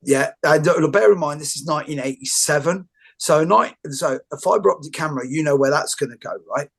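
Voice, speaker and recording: Gravelly man telling a rambling joke. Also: on the high side, a little fast, a bit bright. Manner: rambling storyteller, jokey asides. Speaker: interviewer. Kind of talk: casual chat.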